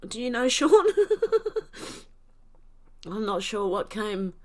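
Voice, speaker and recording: A woman's voice: medium pitch, moderate pace. An older woman hosting a casual livestream, reading chat comments while laughing helplessly to the point of tears. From Australia. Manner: laughing helplessly, snorting, breathless giggles. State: tearful from laughing. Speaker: livestream host.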